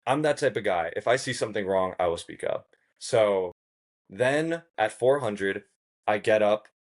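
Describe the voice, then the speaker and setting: Animated, foul-mouthed man telling a story. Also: on the low side, a little slow. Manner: animated, swears freely, acts out quotes. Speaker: podcast guest, game show contestant. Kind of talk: casual storytelling.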